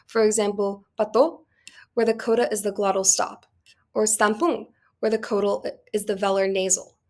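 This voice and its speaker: A young woman, a student presenter, reading a prepared class presentation at a steady pace. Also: medium pitch. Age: young adult.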